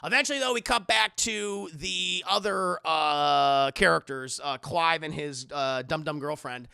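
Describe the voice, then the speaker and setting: A man's voice: fairly high pitch, unhurried, vocal fry, sharp tone, clean tone, dry recording. A man reviewing a film live for his chat in a casual, profane, rambling recap.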